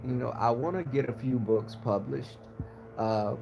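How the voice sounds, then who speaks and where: A man's voice: mid-range voice, unhurried, vocal fry, noisy background. A man on his channel chatting casually with viewers, gossipy and frank with his opinions. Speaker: YouTuber answering viewers. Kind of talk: casual live-stream chat.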